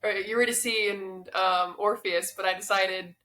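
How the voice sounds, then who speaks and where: A young woman co-hosting a podcast, retelling a myth in a relaxed, joking way. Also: medium pitch, a little slow, a little hiss or hum. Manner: relaxed, joking, self-deprecating. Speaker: podcast co-host. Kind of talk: casual chat and myth retelling.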